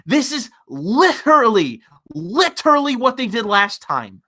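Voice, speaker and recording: A man's voice: very high-pitched, very animated, measured pace, sharp tone. Profane, exasperated ranting man. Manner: repeats words and restarts when worked up. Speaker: political commentator. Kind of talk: livestream political commentary.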